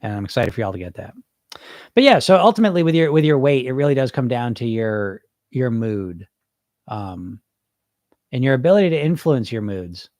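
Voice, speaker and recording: This weight loss coaching podcast host has a mid-range, slightly mellow voice and a moderate, animated pace, captured with studio quality and no echo. He answers listeners live in a casual, energetic way, often restarting and going off on asides.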